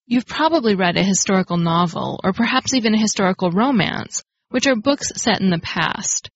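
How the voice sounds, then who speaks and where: A woman hosting a podcast, reading a scripted grammar lesson in a clear, explanatory way and stressing the key words. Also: mid-range voice, animated, a little fast, no room sound. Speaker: podcast host. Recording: dry, slightly dull lo-fi studio recording.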